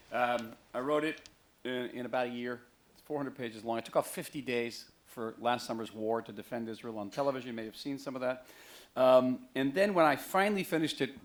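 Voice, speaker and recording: A middle-aged man giving a book talk to an audience in a museum auditorium, conversational and joking. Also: mid-range voice. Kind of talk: public lecture to an audience.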